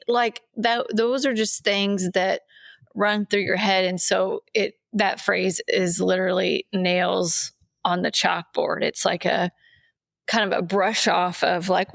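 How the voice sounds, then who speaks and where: A middle-aged woman speaks slowly and earnestly on a faith podcast, her voice gravelly with fry. She is recorded close and dry from her own location, and her voice rises when she is moved. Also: mid-range voice, level tone, fairly bright tone, no echo. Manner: earnest, tearful at times, voice rising when moved. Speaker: podcast co-host. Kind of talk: emotional faith podcast talk. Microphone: remote recording, separate location.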